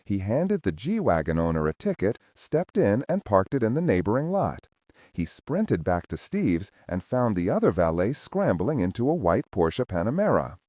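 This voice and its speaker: A man narrating a spy thriller audiobook in a measured storytelling manner. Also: on the low side, very animated, darkish tone, no echo, clean studio sound. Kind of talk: scripted narration.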